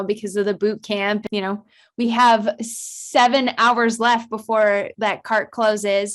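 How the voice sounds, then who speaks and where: A woman hosts a podcast interview, asking open questions and reacting with eager praise. Her voice sits fairly high for a woman. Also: a bit bright. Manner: effusive, enthusiastic reactions. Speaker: podcast host.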